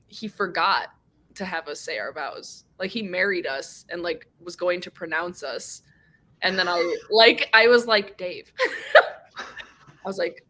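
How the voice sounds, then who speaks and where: A woman's voice: fairly low pitch, pushed and bright. A young woman hosting a casual chat with friends, telling stories in a rambling way with lots of fillers and laughter. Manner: giggly, rambling storyteller with many fillers. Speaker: streamer hosting a reading sprint.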